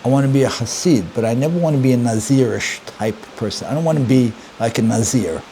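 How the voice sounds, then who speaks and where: An older man, a rabbi, giving a conversational Torah lesson, emphatic and animated, repeating key words and asking his listeners questions. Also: mid-range voice, quick pace, slight background noise. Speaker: rabbi and teacher.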